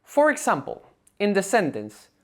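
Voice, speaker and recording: A woman teaching a Spanish grammar lesson in a clear, methodical, scripted lecture style with a faint Spanish-speaking accent. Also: mid-range voice, wildly swooping pitch, normal speed.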